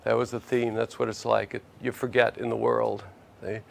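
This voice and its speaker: A man's voice: mid-range voice, little pitch movement, moderate pace, creaky. A man teaching in a conversational storytelling lecture, often checking in with his listeners. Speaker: spiritual teacher.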